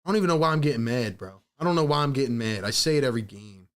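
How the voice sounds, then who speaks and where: A man's voice: mid-range voice, animated, rapid-fire. A young American man hosting a live stream, calling the plays and venting his frustration to the chat in blunt, casual slang. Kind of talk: live play-by-play and reaction stream.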